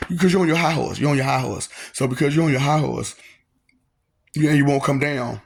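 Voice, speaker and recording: A man's voice: mid-range voice, fairly even intonation, moderate pace, vocal fry, husky. A man talking in a freewheeling, taunting monologue, repeating lines and laughing often.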